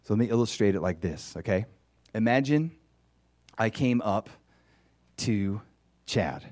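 A man's voice: fairly low pitch, a little slow, dry recording, clean studio sound. A man giving an informal, conversational sermon as a Bible teacher. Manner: animated, conversational, acts out dialogue.

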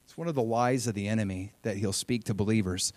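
A man preaching a sermon, telling a story with lively swings between loud, high bursts and quiet, low asides, and acting out the quotes. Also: fast, dry recording. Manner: animated storytelling, acting out quotes with big swings in pitch and loudness. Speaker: pastor.

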